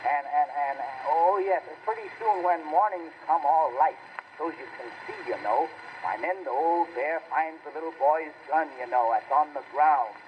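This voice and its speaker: A man's voice: fairly high pitch, normal speed, dull audio, slight background noise, lightly acted. A man reciting as a small boy, telling a bear story in folksy dialect with stumbling restarts. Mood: earnest rambling. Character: small boy rambling through a bear tale.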